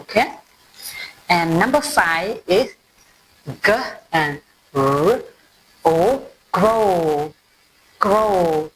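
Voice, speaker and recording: A woman's voice: on the low side, expressive, extremely slow, pauses often, husky, rough recording. A woman from Cambodia with a Cambodian accent, teaching an English phonics lesson and repeating each word several times with simple explanations. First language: Khmer.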